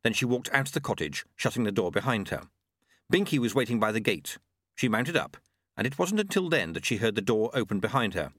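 A man narrating a novel in expressive scripted storytelling. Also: on the low side, brisk, dry recording, studio quality. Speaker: audiobook narrator.

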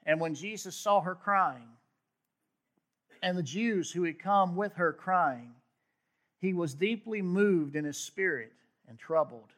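A man's voice: a little high, a little slow, fairly bright tone. A man preaching a sermon, reading scripture aloud with emphatic asides. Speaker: pastor.

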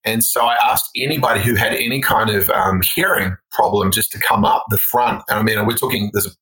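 Eager Australian man, low voice. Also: lively intonation, brisk, sharp tone, slightly rough, low-quality recording. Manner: enthusiastic, rambling with restarts. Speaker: guest minister. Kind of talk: casual podcast interview.

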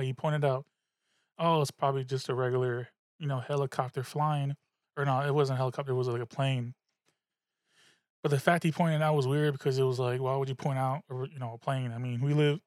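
Young man, mid-pitched voice, casual and profane storyteller, no room echo. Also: clean studio sound. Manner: animated, profane, repeats himself. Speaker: podcast host.

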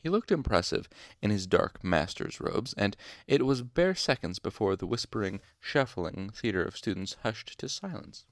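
A man's voice: fairly low pitch, animated, normal speed, no room sound, clean studio sound. A young man reading a novel aloud at home in a casual, informal way, now and then stopping for asides and corrections. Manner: informal, stops to make whispered asides and corrections. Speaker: amateur audiobook reader. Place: home room.

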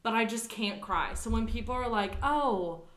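Bright-voiced chatty young woman. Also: fairly high pitch, a little fast, roomy sound. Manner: chatty, animated storytelling with frequent "like". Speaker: podcast co-host. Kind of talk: casual podcast chat.

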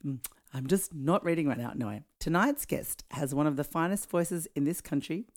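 Aussie woman co-host, middle-aged, low voice, giggly and scattered. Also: animated, brisk. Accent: Australian. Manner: giggly, rambling, loses her place. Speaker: podcast co-host and singer. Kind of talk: casual podcast chat.

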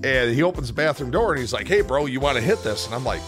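Music plays behind a fast-talking, medium-pitched man from the US Northwest who co-hosts a podcast. Chatting casually, he tells a profanity-laden story and performs the voices of its characters with real animation.

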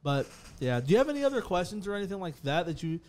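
A man co-hosting a podcast in loose, emphatic chat, swearing freely and calling everyone "bro". His voice sits a bit higher than most men's. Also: very animated, fast, a little mellow. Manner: emphatic, profane, keeps saying "bro". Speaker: podcast co-host.

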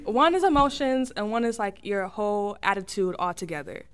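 A woman's voice: medium pitch, lively intonation, moderate pace, a little hiss or hum. A young woman guest explaining in a casual chat, hesitant and unsure, trailing off mid-thought.

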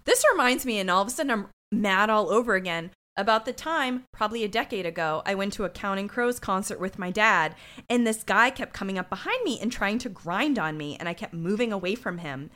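A woman co-hosting a podcast, chatting casually about a TV episode, animated and laughing, swearing freely. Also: mid-range voice, brisk. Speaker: podcast co-host. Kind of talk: casual chat recapping a TV episode.

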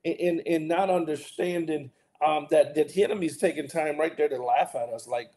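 Earnest preaching man, mellow voice. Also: fairly high pitch, moderate pace. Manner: earnest, repetitive restarts, preacherly emphasis. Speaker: pastor and co-host. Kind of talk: casual Bible discussion.

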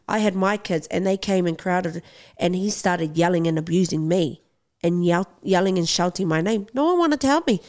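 A woman's voice: on the high side, darkish tone. A woman guest in a podcast interview, speaking earnestly and urgently and repeating phrases for emphasis. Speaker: interview guest, boxing champion.

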